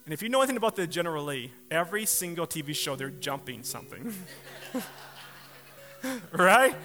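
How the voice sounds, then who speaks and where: A male pastor delivers a sermon in a church service, telling a story with lively energy and acting out what people said. His voice sits a bit high and rings bright and forceful. Faint music plays underneath. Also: normal speed, pauses often. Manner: animated storytelling, laughing, acting out quotes.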